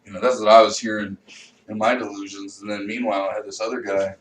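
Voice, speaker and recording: A man doing a rambling, profane comedy rant, bursting into loud shouting. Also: lowish voice, flat delivery, fast talker. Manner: swings into loud shouted outbursts; profane, rambling, self-mocking. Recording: echoey room, voice a bit far from mic, faint noise.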